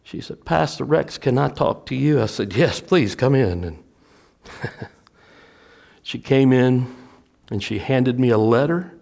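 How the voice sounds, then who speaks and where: Male pastor, middle-aged, unhurried sermon delivery, swings loud to hushed. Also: medium pitch, expressive, creaky. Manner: dramatic swings from loud emphatic preaching to hushed storytelling.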